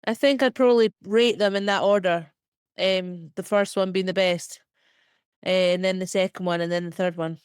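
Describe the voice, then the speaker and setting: A young woman with a Scottish accent, a comedian talking chattily as a podcast guest, full of "like" and quick laughs. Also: on the low side, fairly even intonation, clean tone, no echo, studio quality. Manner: chatty, filler-heavy, quick self-deprecating laughs. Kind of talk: casual podcast interview.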